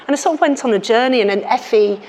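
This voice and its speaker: A woman's voice: a little high, fast, a little mellow, slight background noise. A middle-aged woman with a Liverpool accent, a health journalist speaking frankly and chattily to a live audience, with plenty of restarts. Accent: Liverpool (Scouse). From Liverpool, England. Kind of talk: book launch talk to a live audience. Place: lecture room with audience.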